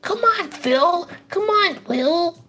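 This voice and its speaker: A cheerful cartoon baby boy babbles in a squeaky, sing-song voice far above a grown man's range, put on by a man. The voice is pitched very high and the words come out slowly. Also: animated, sharp tone, full character voice. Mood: goofy. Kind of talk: live stream impression.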